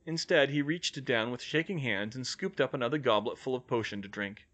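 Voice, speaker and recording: A man narrating a fan fiction audiobook in an expressive reading style. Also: mid-range voice, fairly quick. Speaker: reader.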